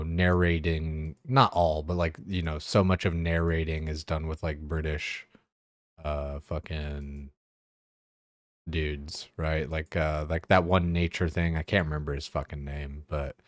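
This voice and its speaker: A man's voice: rumbling low, no echo, studio quality. A young man streaming, chatting casually in a rambling, profane way, full of fillers. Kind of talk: casual chat.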